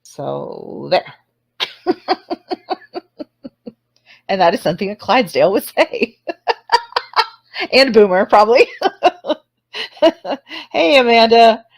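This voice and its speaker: A woman's voice: a little high, big pitch swings, takes it slowly, long pauses, no room sound. A woman hosting a casual livestream chat, rambling and laughing often between apologetic asides. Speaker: livestream host.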